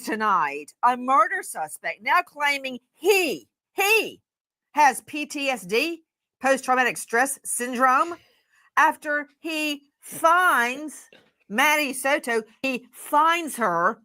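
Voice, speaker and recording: An older woman hosts a true-crime broadcast with emphatic, punchy delivery. Her voice sits high and swings widely in pitch as she draws out each dramatic phrase. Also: lively intonation, takes it slowly, bright, forceful tone. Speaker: crime show host.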